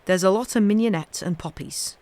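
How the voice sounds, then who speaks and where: Low, gentle Yorkshire moor boy, hushed and unhurried, voiced by a woman reading a storybook. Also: close to an everyday voice. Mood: eager. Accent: Yorkshire dialect, put on. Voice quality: low soft voice. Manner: slow, hushed, easy.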